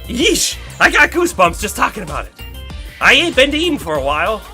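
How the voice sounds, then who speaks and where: Brief: man doing a gossipy young country girl, high and bright, folksy drawl. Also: wildly swooping pitch, fairly quick, soft background music, heavily acted. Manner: folksy drawl, double negatives. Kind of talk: reading game dialogue aloud.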